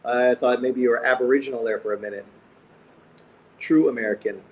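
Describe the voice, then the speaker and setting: A middle-aged man from Canada hosts a casual boxing livestream and reads out comments. He talks in a blunt, joking way and swears nearly every sentence, at an ordinary pitch for a man. Faint room ambience hangs behind his voice. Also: fairly even intonation, brisk, slight background noise, rough recording. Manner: profane, blunt, joking banter. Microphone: streaming mic.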